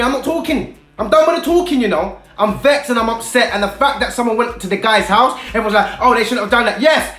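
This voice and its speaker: A man's voice: very high voice, a bit bright. A man delivering a heated, emphatic monologue to camera, full of repetition and street slang. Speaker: video blogger. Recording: roomy echo with faint music.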